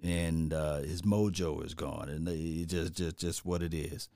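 A middle-aged man giving opinionated casual sports commentary as a host, animated and rambling, repeating himself and adding preachy asides. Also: rumbling low, a little slow, no echo, clean studio sound.

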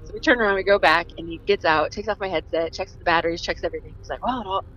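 A woman recounting a story in an easy, conversational way. She laughs often and slips into quick impressions of the people she describes. The sound is a little dull and lo-fi, with faint music playing behind her. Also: fairly low pitch, steady tone, a bit bright. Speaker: guest storyteller. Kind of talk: casual storytelling.

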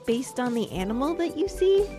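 A woman co-hosting a science podcast for kids, explaining things in a clear, upbeat way. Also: high-pitched, very animated, moderate pace, over music. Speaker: co-host.

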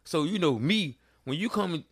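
Animated man telling a story. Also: a little high, normal speed, breathy edge, no echo, studio quality. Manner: animated storyteller, acts out quoted lines. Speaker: podcast co-host. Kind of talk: casual storytelling chat.

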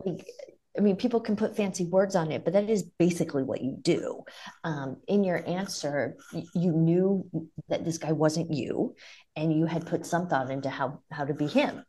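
A woman from Ohio, a stand-up comedian, chatting in an animated, encouraging way. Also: deep voice, normal speed. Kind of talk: casual chat.

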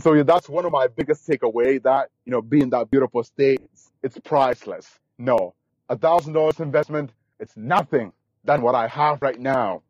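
A man's voice: fairly high pitch, darkish tone, no room sound, highs cut off. A man as a podcast guest, talking earnestly and enthusiastically, repeating himself, with uneven grammar. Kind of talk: casual interview.

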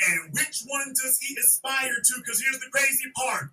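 A man hosting a podcast, loudly riffing on a video he is watching, repeating lines and shouting his jokes. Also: very high voice, lively intonation, a little slow, far from the mic, poor audio. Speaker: podcast host. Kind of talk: loud comedic video commentary.

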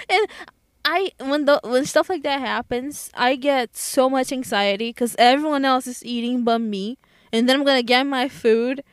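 Female podcast co-host, slightly high and clear, chatty and casual, dry close mic. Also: dry recording. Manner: chatty, self-described anxious, "you know" and "right?" fillers. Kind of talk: casual chat.

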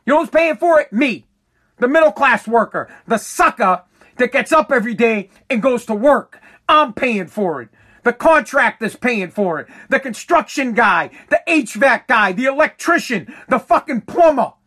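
Sharp-toned and very high-pitched, this man speaks at a moderate pace with lively intonation. He runs a contracting business and rails through a profane political rant, repeating his points over and over.

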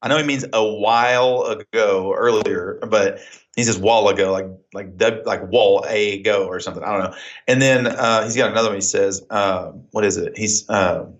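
Male podcast guest, Southern Oklahoma accent, animated storyteller, dull lo-fi recording. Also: on the low side, a little fast. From Oklahoma, USA. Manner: animated storyteller, laughs often. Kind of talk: casual chat. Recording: dull lo-fi sound.

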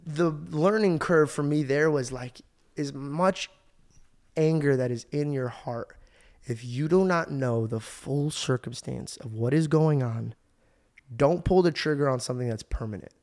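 Young male podcast host with a slightly high voice, animated casual storytelling, swears freely. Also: unhurried. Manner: animated, swearing, says "bro" often.

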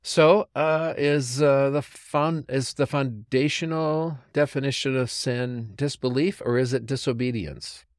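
A man's voice: medium pitch, fairly even intonation, unhurried, few pauses, dry recording, studio quality. Man pastor chatting on a podcast. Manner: storytelling, thinks out loud with restarts. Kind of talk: casual theological chat.

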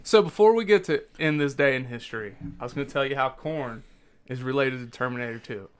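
A man's voice: mid-range voice, fairly quick, smooth, soft background music. A man hosting a podcast in casual chat, joking in a laid-back way. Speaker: podcast host.

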